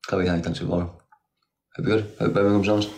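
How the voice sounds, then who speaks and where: A livestream host reads out comments and answers viewers with sarcastic teasing, speaking into a phone mic. His voice is low with a darkish tone, and there's slight background noise.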